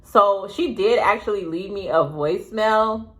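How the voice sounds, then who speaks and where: A young woman telling a story to her viewers in a casual vlog, rambling and chatty with quick asides. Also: mid-range voice. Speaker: vlogger. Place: indoors, sitting at home.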